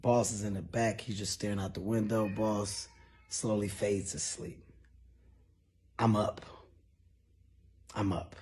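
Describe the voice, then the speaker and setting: A man telling a comedic personal story in a loud, animated, profane way. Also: lowish voice, slow, pauses often, slightly rough. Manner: animated, profane, shouts when acting out quotes.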